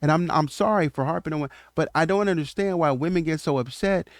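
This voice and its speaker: A man's voice: on the high side, a little fast, dry recording, studio quality. A man giving an opinionated commentary monologue on relationships, lecturing emphatically and often stammering through restarts.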